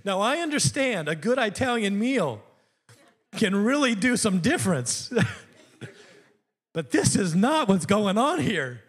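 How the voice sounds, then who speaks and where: A man's voice: high-pitched, very animated, a little slow, pauses often, slightly rough. A man preaching a sermon, telling a story with humor and building to fervent exhortation. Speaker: pastor.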